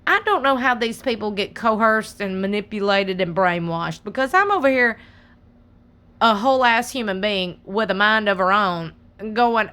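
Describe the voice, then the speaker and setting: A woman hosting her own channel, talking straight to her viewers in a sassy, animated, casual commentary. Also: medium pitch, normal speed, clear, resonant tone.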